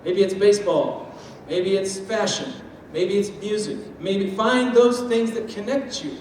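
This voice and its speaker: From far away in a big hall, an animated, high-voiced man speaks on stage about step parenting at a measured pace. His lively talk with the audience leans on homely food analogies and acted-out quotes, with echo, faint ambience, and a little hiss or hum in the recording.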